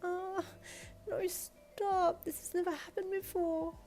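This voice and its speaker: A woman voicing a sweet, shy young fairy girl in a high, soft, breathy voice. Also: steady tone, moderate pace, soft background music. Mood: flustered.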